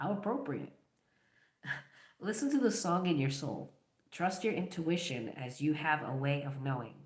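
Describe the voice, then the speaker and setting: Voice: medium pitch, roomy sound. A tarot reader giving a collective reading, talking straight to the viewer in an encouraging, affirming way.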